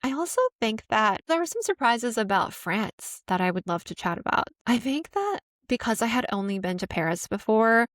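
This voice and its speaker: A young American woman, soft-spoken and conversational, talking through her thoughts in a casual vlog from her apartment. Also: fairly high pitch, big pitch swings, normal speed, hardly any pauses, no echo, clean studio sound. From United States. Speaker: vlogger. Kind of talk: casual reflective monologue. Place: apartment room.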